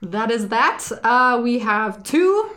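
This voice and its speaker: Giggly twenties woman, podcast cohost, chatty animated storyteller. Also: fairly high pitch, slow pace, slight background noise. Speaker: podcast co-host reading listener stories. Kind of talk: casual chat.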